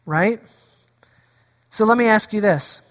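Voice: medium pitch, slow, fairly bright tone. Pastor preaching in a reverberant sanctuary. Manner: asks the congregation rhetorical questions; acts out quoted voices of scripture. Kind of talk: sermon. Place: church sanctuary.

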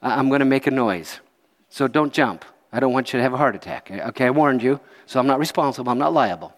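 A man's voice: mid-range voice, fast talker, in a large hall. A man preaching a sermon as a pastor, telling a story with jokes and asides to the congregation. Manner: animated, jokey, chuckles to the crowd.

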